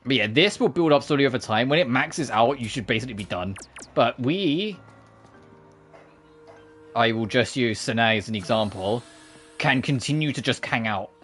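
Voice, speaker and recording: A let's-play streamer chatting casually over gameplay, full of fillers like "like" and little self-deprecating jokes. The voice moves animatedly up and down in pitch. Quiet game music hums underneath. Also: animated, normal speed, pauses often.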